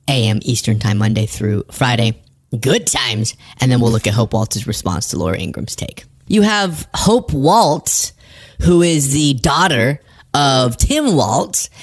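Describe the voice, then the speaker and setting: A woman hosting casual political commentary, sarcastic and animated, laughing at her own jokes. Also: deep voice.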